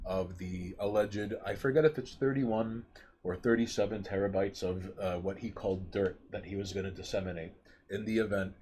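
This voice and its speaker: A man's voice: sits low, fairly even intonation, normal speed, a little mellow, a little hiss or hum. A man co-hosting a casual chat show. He rambles and stumbles over his words. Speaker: podcast co-host.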